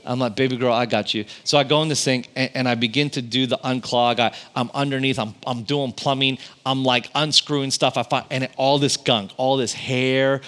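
A man's voice: mid-range voice, fairly bright tone. A man in his thirties, a pastor, preaching a sermon in a conversational storytelling way, building intensity on key points. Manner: conversational storytelling with impressions of family.

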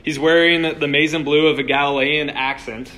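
A man's voice: fairly high pitch, steady tone, fairly quick, sharp tone, a little hiss or hum. A young man giving a conversational sermon to a room of listeners, full of "like" and restarts. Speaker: preacher. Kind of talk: casual sermon. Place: room with a live audience.

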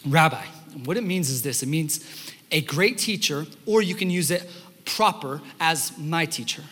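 A young man preaches from a church stage, telling lively stories and slipping into the voices of the people he quotes. His voice sits high and sounds bright and forward. A long hall reverb trails behind each phrase. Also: normal speed. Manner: animated storytelling, acts out quotes. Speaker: pastor. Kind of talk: sermon. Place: church sanctuary.

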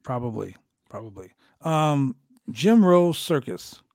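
Podcast co-host, male, animated storyteller, profane, dry mic. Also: medium pitch, takes it slowly, gravelly, dry recording. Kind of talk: casual chat.

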